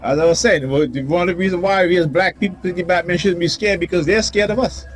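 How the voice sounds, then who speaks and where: A man's voice: sits high, steady tone, fast, a little hiss or hum. Defiant man ranting outdoors. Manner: defiant, confrontational, laughs often. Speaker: vlogger. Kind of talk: casual ranting monologue to camera.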